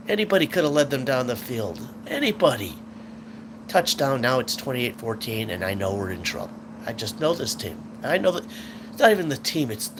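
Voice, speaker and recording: A man's voice: medium pitch, a little hiss or hum. A man hosting a sports talk show, venting in an angry, swearing rant about his team. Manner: frustrated, swearing, ranting fan.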